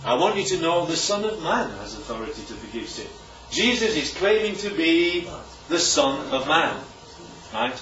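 A man preaching a sermon, animated and emphatic, often checking in with "right?". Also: on the high side, a little hiss or hum. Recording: echoey room, distant mic, dull sound.

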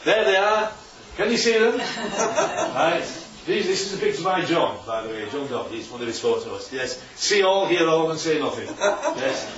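Man, chatty preacher, lively voice, distant dull lo-fi recording. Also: fairly high pitch, moderate pace, roomy sound, a crowd in the background. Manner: chatty, keeps asking the congregation "right?". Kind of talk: informal church talk with slides. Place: church hall.

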